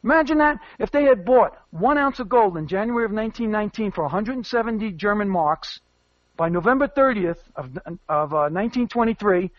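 High-voiced rambling male commentator. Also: dry recording, lo-fi sound. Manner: rambling, emphatic, many fillers. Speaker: commentary show host. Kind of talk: casual spoken commentary.

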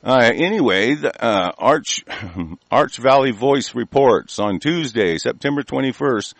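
A man's voice: medium pitch, lively intonation, unhurried, creaky, no echo. A man hosting a call-in talk show, ranting angrily with heavy profanity and rambling restarts. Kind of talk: profane talk radio rant.

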